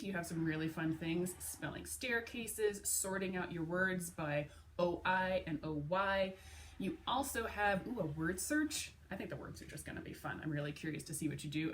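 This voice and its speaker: A woman teaching a phonics lesson to young children, patient and clear, spelling words out letter by letter. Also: on the low side, a bit bright, far from the mic, slight background noise.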